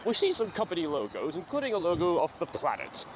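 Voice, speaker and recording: A man's voice: fairly high pitch, huge pitch swings, fast talker, a little hiss or hum, rough recording. A man hosting a comedic film review, sarcastic and theatrical, often exasperated.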